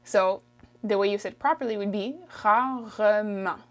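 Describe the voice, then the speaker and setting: A woman from Quebec with a Québécois accent, teaching in an upbeat way and slowing down to model each word for the viewer to repeat. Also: medium pitch, faint music behind. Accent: Québécois French. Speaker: French teacher. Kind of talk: online language lesson.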